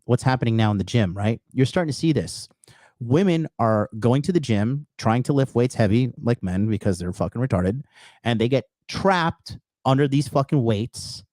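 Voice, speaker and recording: Host: man, blunt heated profane rant, mellow dark voice, dry close sound. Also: medium pitch, no echo. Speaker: call-in show host. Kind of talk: casual ranting monologue.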